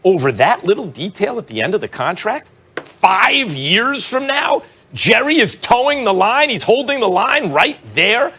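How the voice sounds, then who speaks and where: A man on a sports debate show, animated, asking rhetorical questions and acting out quotes. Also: high voice, a little slow, a little hiss or hum.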